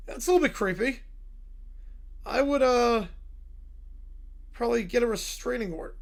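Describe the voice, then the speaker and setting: A man casually hosting a livestream, relaxed and reacting as he reads viewer messages aloud. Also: very high-pitched, normal speed, vocal fry, pauses often. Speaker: livestream host.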